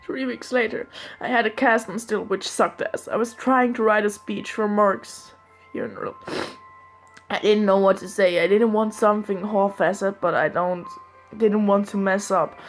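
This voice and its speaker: A woman reads fanfiction aloud in a casual, earnest manner. She keeps stopping for chatty asides to the listener. Faint music plays softly behind her. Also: medium pitch. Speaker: fanfiction reader.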